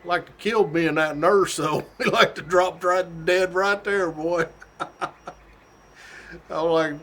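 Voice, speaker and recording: A middle-aged state trooper telling a story from his job in a casual, animated way, laughing often. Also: high-pitched, slow pace. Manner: animated, laughs often, folksy drawl-like phrasing.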